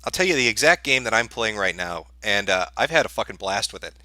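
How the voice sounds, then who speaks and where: Man, streamer, sarcastic, swearing a lot, bright tense voice, dry close sound. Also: lowish voice, animated, fast talker, no echo. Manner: sarcastic, profane, dismissive. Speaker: streamer answering viewer questions. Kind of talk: casual livestream Q&A rant.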